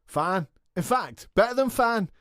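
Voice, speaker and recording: Boastful comic wrestler. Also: male voice, sits high, lively intonation, fairly bright tone, no echo, studio quality. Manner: dim-witted, boastful, quick to laugh and swear. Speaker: comic co-host in character as a wrestling champion. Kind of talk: scripted comedy podcast dialogue.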